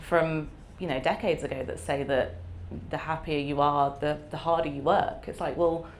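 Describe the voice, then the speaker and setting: A woman's voice: deep voice, steady tone, moderate pace, a little hiss or hum. A woman author, talking candidly and reflectively at a live event, with lots of fillers and easy laughter. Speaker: author guest. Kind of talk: candid conversational interview.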